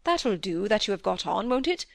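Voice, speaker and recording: A woman reading the part of a middle-aged male country doctor, a gruff but fond father who speaks gravely and with a little impatience. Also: medium pitch, very animated, normal speed, dry recording, clean studio sound. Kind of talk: audiobook dialogue reading.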